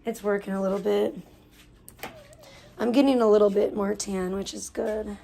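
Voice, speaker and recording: A woman's voice: medium pitch, steady tone, normal speed, gravelly, dark tone, slight background noise. A woman live-streaming outdoors from her phone while tanning, chatting casually with rambling, crude jokes and muttering to herself.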